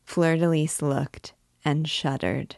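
A woman reading a classic novel aloud in a measured, expressive storytelling manner. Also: low-pitched, dry recording, studio quality. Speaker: reader.

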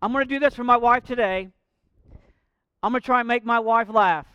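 A man with a high, smooth, resonant voice delivers a sermon, talking earnestly and directly to his listeners. The sound is dry and close, with no room echo. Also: a little fast, pushed and bright, lo-fi sound. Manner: earnest and direct, jokes with the congregation. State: out of breath. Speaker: pastor.

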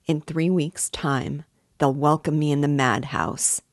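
A brooding young male student, worn thin and insistent, voiced lightly by a woman reading a classic novel. He speaks low and slowly, with an edge of irritation in his muttering. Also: fairly even intonation, no room sound, studio quality.

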